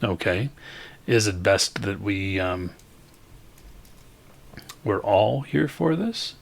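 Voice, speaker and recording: A man's voice: fairly low pitch, expressive, gravelly, exaggerated voice. A man voicing a cautious middle-aged shopkeeper who speaks hesitantly. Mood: concerned. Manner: hesitant, measured, trusting.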